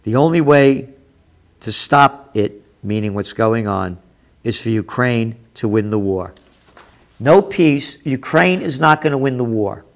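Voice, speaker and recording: A man's voice: medium pitch, animated, measured pace, gravelly. A man hosting a show, reading news headlines aloud and commenting with sarcastic, profane asides that turn heated. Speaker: host.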